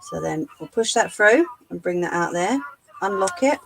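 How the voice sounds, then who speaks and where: A woman hosting a live sewing tutorial, chatting to her viewers as she works, her voice going a little hoarse. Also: medium pitch, animated, moderate pace, slight background noise, poor audio. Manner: chatty, talks to live chat while demonstrating. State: losing her voice. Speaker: craft livestream host.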